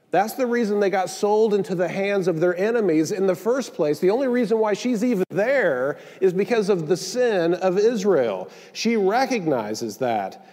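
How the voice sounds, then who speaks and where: A man's voice: sits high, mellow, long reverb tail. A male pastor delivering a sermon in a conversational style, mixing in joking asides, recorded in a church sanctuary.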